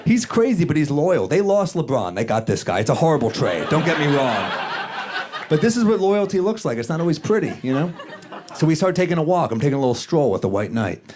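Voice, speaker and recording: A man doing stand-up comedy on stage, telling a story with a wry, self-deprecating delivery and quick jumps into acted-out voices. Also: on the high side, big pitch swings, a crowd in the background. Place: comedy stage before a live audience. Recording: clear audience noise. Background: audience laughter.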